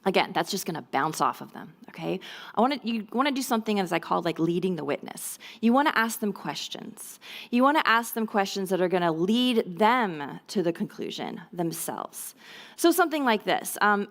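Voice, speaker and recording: A woman speaks to a room of mothers in a relaxed, conversational teaching style, her voice sitting at an ordinary middle pitch. She keeps checking in with her listeners and now and then slips into quick impressions of children. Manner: conversational, checks in with frequent "okay?" and "right?"; acts out children's voices in brief quoted lines. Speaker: speaker at a mothers' ministry talk. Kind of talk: church teaching talk on parenting.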